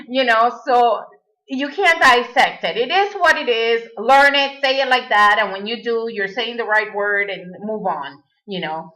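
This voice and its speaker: Slow, patient woman teaching Spanish. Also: fairly high pitch, sharp tone. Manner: patient, repeats words slowly for the learner. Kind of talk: recorded language lesson. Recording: dull lo-fi recording.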